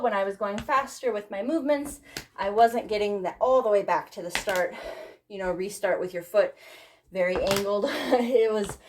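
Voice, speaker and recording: A young woman teaching a tap dance class, counting out beats and cheering students on while out of breath. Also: mid-range voice. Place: dance studio. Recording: echoey room with clear noise.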